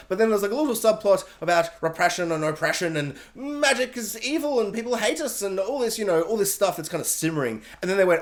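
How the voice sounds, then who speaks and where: A man giving a casual, animated film review, emphatic and exasperated. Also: sits high, fast talker, few pauses.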